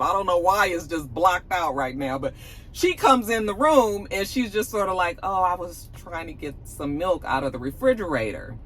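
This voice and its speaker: A woman's voice: medium pitch, fairly bright tone, rough recording. A woman recapping a TV episode in a chatty, slangy way, laughing often. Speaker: TV episode reviewer. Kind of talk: casual TV recap.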